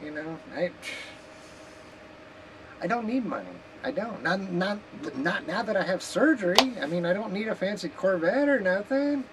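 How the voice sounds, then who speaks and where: A woman's voice: medium pitch, expressive, normal speed. A woman vlogging in a casual, rambling, joking way from her home kitchen, sometimes talking while eating. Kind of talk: casual chat. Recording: noisy background hiss.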